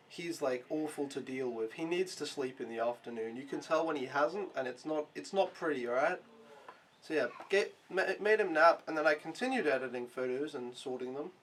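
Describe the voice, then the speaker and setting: Young man, sore-throated, rambling casual vlogger, slightly high voice, faint noise behind. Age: young adult. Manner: rambling, swears freely, many fillers. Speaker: au pair vlogger. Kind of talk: casual chat.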